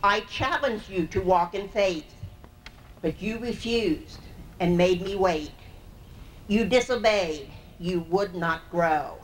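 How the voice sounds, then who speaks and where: A woman's voice: medium pitch, slow pace, lightly acted. Woman voicing a stern, weary Lord. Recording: distant mic with faint noise.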